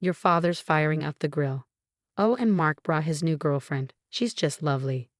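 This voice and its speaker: A woman's voice: deep voice, normal speed, dry recording, clean studio sound, close to an everyday voice. A woman voicing a chatty, kindly middle-aged aunt.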